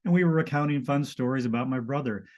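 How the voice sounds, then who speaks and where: A man telling a personal story in casual conversation, halting and restarting often. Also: mid-range voice, muffled recording.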